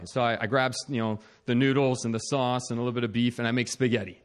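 A young man telling a personal story about his marriage in an animated, self-mocking way, with frequent restarts and chuckles. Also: mid-range voice, brisk, hardly any pauses, clean tone. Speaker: speaker sharing a marriage story.

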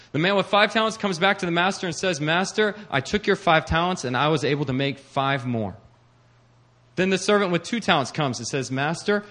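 Fervent preaching man, high-ish voice. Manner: swings from hushed to fervent, builds to urgent preaching. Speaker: pastor. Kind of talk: sermon.

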